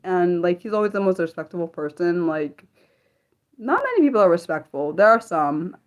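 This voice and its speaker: A woman hosting an unscripted livestream, rambling with lots of fillers and sudden jumps in pitch. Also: sing-song, moderate pace, highs cut off. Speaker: livestream host.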